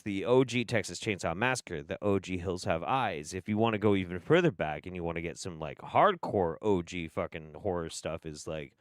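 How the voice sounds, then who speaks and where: A young adult man hosting a stream, reacting in animated casual commentary, swearing and laughing often. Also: low voice, clear, resonant tone, no echo, clean studio sound. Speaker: streamer host.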